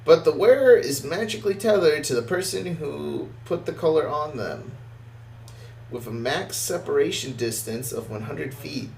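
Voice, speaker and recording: A man's voice: on the high side, expressive, normal speed, creaky, a little mellow, a little hiss or hum. A man running a tabletop game as game master, laid-back and laughing often. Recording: roomy audio from off-mic.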